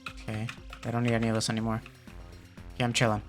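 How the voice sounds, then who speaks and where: A man's voice: lowish voice, completely flat delivery, fast, music in the background. A young man hosting a gaming channel, telling a story in casual slang with lots of fillers, then muttering along as he plays. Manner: muttering game commentary. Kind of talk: casual chat while playing a game.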